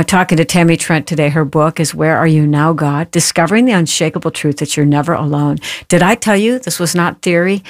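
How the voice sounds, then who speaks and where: A woman's voice: sits low, dry recording, clean studio sound. A woman hosting a faith radio talk show, encouraging listeners with scripture before a break. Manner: warm encouraging, preacherly reassurance.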